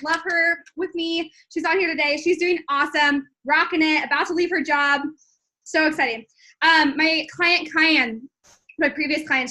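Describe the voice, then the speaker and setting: A woman in her twenties, a business coach talking excitedly to viewers in a live stream, gushing with lots of likes and ums. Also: sits high. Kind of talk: live-streamed sales talk.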